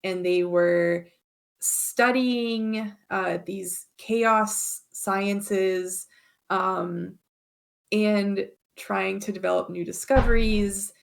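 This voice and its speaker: Woman co-host: slow, gravelly, hesitant, laughing. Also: medium pitch, steady tone. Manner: hesitant, laughs often, many fillers. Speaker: podcast co-host. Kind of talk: casual chat.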